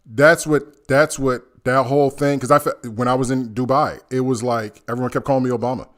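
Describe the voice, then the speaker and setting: A man's voice: medium pitch, steady tone, fairly quick, a bit bright. A man hosting a casual chat, chiming in eagerly and agreeing often. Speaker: channel host.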